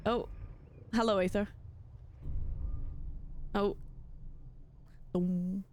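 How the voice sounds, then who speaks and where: A woman streamer giving casual commentary while playing a game, excitable and quick to laugh and exclaim. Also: on the high side.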